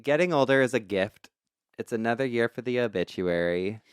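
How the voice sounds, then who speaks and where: A man's voice: mid-range voice, animated, moderate pace, smooth, dry recording, clean studio sound. A man in his thirties co-hosting a podcast, playful and teasing, laughing often. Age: 30s. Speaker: podcast co-host. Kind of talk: casual chat.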